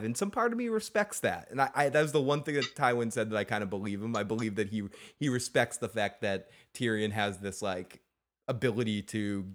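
Man, podcast co-host, casual recap chat, relaxed, chatty. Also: lowish voice, brisk.

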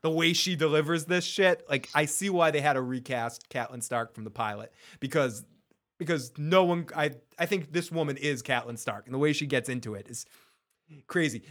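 A man co-hosting a casual recap podcast, animated, acting out quoted lines and laughing often. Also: a little high, fairly quick. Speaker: podcast co-host.

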